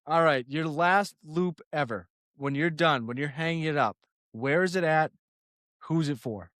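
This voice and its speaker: A man's voice: on the high side, a little slow, a bit bright, dry recording, clean studio sound. A man hosting a casual podcast chat, laid-back and slangy. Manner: laid-back slangy, says dude a lot. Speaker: podcast host.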